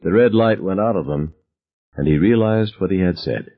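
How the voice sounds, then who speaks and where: Deep, husky male audiobook narrator. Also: normal speed, phone-quality sound. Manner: expressive first-person storytelling.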